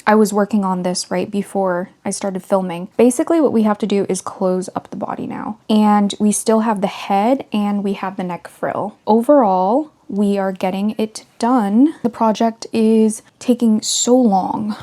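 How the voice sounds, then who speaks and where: A woman's voice: medium pitch, fairly even intonation, a little slow, few pauses, mellow. A woman vlogger talking casually and earnestly through her crafting progress. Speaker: crochet vlogger. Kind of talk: casual vlog voice-over.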